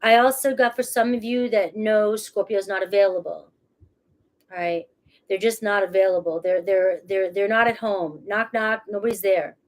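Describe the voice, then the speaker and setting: A woman's voice: medium pitch, steady tone, normal speed. A woman giving a casual tarot reading to camera. She talks chattily and reassuringly, often adds "all right" and "okay", and restarts her sentences. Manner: laughs at herself, restarts phrases. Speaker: tarot reader.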